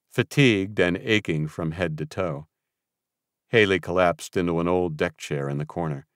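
Low-voiced man narrating an audiobook. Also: a bit bright, no echo, studio quality. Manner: reads with character voices. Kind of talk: scripted narration.

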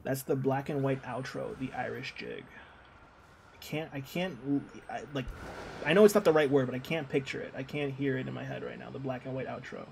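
Streaming a video game, a man speaks a little fast in a creaky, mid-range voice with a darkish tone and slight background noise. He's chatty and jokey, reading out messages and talking casually to his chat as he plays.

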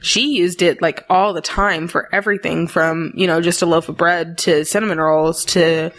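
A woman's voice: lowish voice, fairly even intonation, moderate pace, fairly bright tone. A woman co-hosting a podcast in casual chat, eager and talkative, with teasing asides and casual swearing. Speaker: podcast co-host, mother of four.

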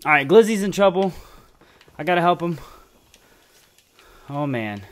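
A young man giving casual, excitable commentary over a shooter game, cursing freely and tagging "man" onto his lines. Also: a little high, moderate pace, pauses often. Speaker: gameplay commentator.

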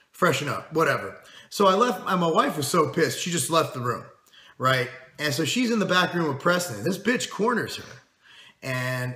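A man's voice: fairly high pitch, sharp tone, roomy sound. A middle-aged man hosting a fitness channel, talking to camera in a blunt, emphatic and profane way. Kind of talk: casual monologue to camera.

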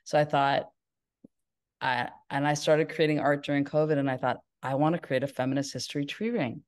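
Speaking fairly quickly in a low voice with fairly even intonation, this filmmaker from Northern California is a middle-aged woman being interviewed. Her account rambles, full of restarts.

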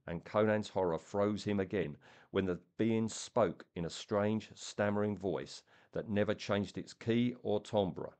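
Low-voiced guy reading a story out loud then chatting about it, keen, stumbles a bit. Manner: enthusiastic, halting. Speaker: comic and book reviewer. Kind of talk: reading aloud and casual chat.

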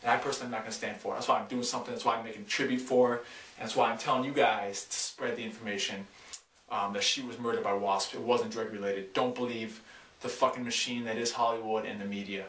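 A man ranting to camera in a mock-earnest, profane and agitated way, halting with fillers, recorded at home on a distant camera mic. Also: fairly low pitch, steady tone, a bit bright. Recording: roomy, far from mic, faint hiss.

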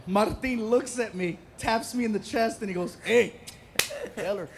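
Animated stand-up comedian telling a story. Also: male voice, high voice, normal speed, noisy background. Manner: animated, does voices and shouts.

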